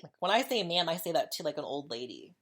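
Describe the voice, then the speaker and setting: A woman with a notably deep speaking voice hosts her own podcast. She talks on her own in a loose, chatty way, candid and unguarded, often circling back and repeating a phrase before moving on. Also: big pitch swings, quick pace, slightly rough. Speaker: podcast host. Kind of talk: casual solo monologue.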